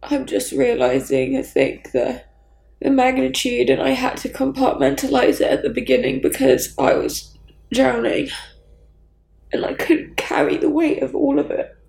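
A grieving woman talking candidly as a guest, halting and raw, swearing bluntly. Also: sits high, expressive, gravelly, darkish tone, echoey room, poor audio. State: grieving, near tears. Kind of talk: candid conversation.

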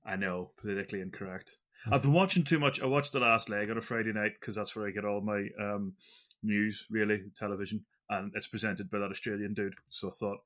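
A man's voice: fairly low pitch, fairly even intonation, brisk, fairly bright tone. A man hosting a gaming podcast, rambling and self-mocking as he chats. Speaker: podcast host. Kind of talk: casual chat.

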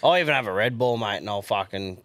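An easygoing Australian man with a low voice co-hosts a podcast, swearing freely as he chats. His voice sits dry and close to the mic. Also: expressive, fast, a bit bright, dry recording. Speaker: podcast co-host. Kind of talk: casual crude banter.

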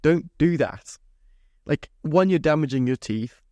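A man's voice: on the high side, lively intonation, a little slow, darkish tone, no echo. A young man hosting his own podcast, ranting in a casual, sweary and exasperated way. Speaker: podcast host. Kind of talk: solo casual podcast rant.

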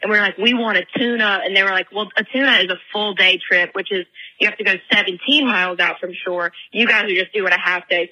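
A young woman leaving a casual voicemail, retelling a story in a chatty, animated way with many fillers. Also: medium pitch, low-quality recording. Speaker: voicemail caller.

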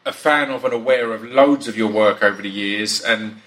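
A man hosting a relaxed chat with a fellow actor, talking in a self-deprecating way with lots of restarts, sitting at a table on the top deck of a bus. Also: lowish voice, normal speed. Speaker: podcast host and actor. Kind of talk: casual chat.

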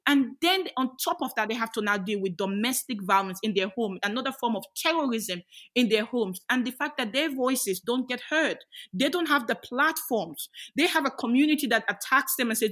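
Fairly high in pitch and a little fast, with a slightly bright tone, this young adult woman is an activist for women's rights. She speaks in an Australian interview with emphatic passion and frequent rhetorical questions.

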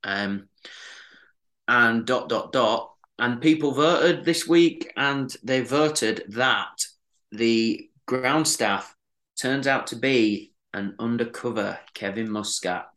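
Slow-talking man rambling through a story. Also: mid-range voice, a bit bright, rough recording. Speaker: podcast co-host. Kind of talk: casual storytelling.

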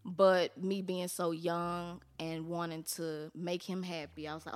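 A woman's voice: lowish voice, flat delivery, measured pace, smooth. Blunt woman telling her story. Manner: blunt, colloquial, salty language. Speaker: interview guest. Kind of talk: candid personal storytelling.

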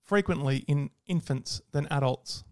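A man's voice: fairly high pitch, a little slow, a little mellow, dry recording, clean studio sound. A man, a doctor co-hosting a casual medical podcast, teasing his co-host and quizzing him before explaining the topic. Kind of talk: casual podcast chat, teaching segment.

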